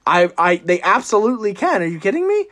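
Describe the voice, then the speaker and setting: A man with a notably high voice hosts a casual sports podcast. He talks in an animated, teasing way and often bursts into loud laughter. It is loose banter between friends. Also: quick pace. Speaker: podcast host.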